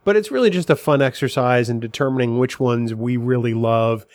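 A man's voice: mid-range voice, brisk, a little mellow, dry recording. A man co-hosting a podcast, reading sponsor notes and teasing his co-host in casual chat. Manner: joking, teasing banter.

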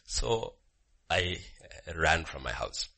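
A man preaching a sermon with a personal story, swinging from loud emphasis to hushed murmurs. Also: extremely low pitch, very animated, slow, vocal fry. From Bhutan.

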